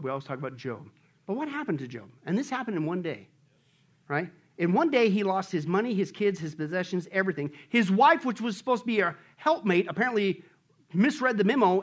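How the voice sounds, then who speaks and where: A male pastor preaching a sermon in an animated, conversational way, often quizzing the congregation with questions. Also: sits high.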